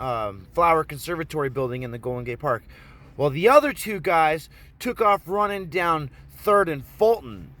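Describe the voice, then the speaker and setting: A man from Oregon casually telling a personal story in a rambling, profane, animated way. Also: fairly high pitch.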